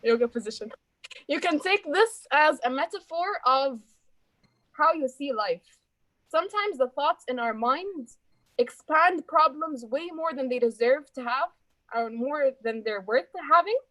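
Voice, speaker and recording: A woman's voice: high-pitched, animated, a little slow, a bit bright, no echo, low-quality recording. A woman reports filler-word counts to her speaking club in a chatty, encouraging way and calls people dear. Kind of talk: friendly report and breathing exercise.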